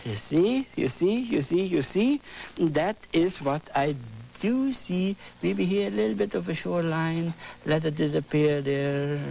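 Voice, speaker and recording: An older man with a German accent, teaching oil painting on his TV show, animated and often asking "you see?". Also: high voice, gravelly, poor audio. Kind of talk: painting demonstration. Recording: worn 1980s videotape audio with hum.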